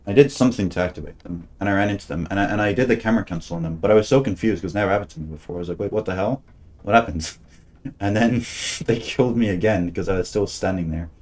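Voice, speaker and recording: Low-voiced male streamer thinking aloud. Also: racing, a little mellow. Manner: thinking aloud, chatty, trails off and restarts. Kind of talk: casual gameplay commentary.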